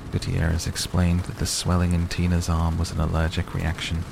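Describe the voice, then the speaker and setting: A man narrating an audiobook in a steady, even reading. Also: low voice, fairly quick, vocal fry. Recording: noisy recording.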